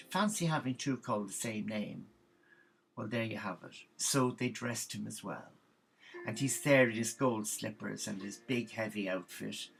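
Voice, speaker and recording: A man telling a comic story in a gossipy, animated way. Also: mid-range voice, creaky, low-quality recording.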